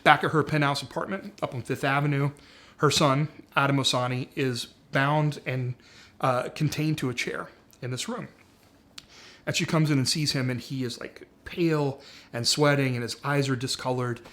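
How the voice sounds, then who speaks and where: A man walks through a series pitch scene by scene, relaxed and conversational. His voice sits in a middle range and he fills pauses with "like" and "uh" as he goes. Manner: conversational, frequent "like" and "uh". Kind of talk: casual story pitch.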